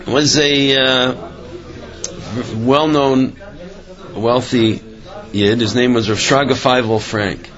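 A man telling stories in a Torah lecture, in a conversational, halting way with many fillers, in a slightly muffled recording. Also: mid-range voice, fairly even intonation, fairly bright tone. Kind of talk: storytelling lecture.

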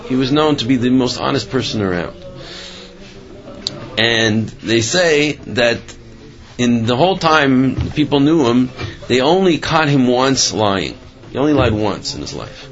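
A man telling stories in a Torah lecture, in a conversational, halting way with many fillers, in a slightly muffled recording. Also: mid-range voice, expressive. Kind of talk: storytelling lecture.

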